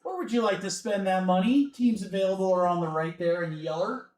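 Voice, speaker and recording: A man's voice: sits high, a little fast, a little mellow. A man hosting a live card break, chatting casually and calling out names and teams as he goes. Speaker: sports card break host. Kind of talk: casual livestream chat. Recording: echoey room with faint music. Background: faint background music.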